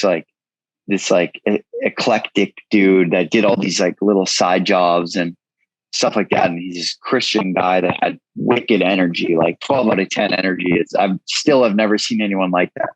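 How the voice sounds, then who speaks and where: A man's voice: low-pitched, no echo, highs cut off. A man in his thirties, a guest in an interview, telling his story frankly and casually, swearing freely. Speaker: guest, entrepreneur.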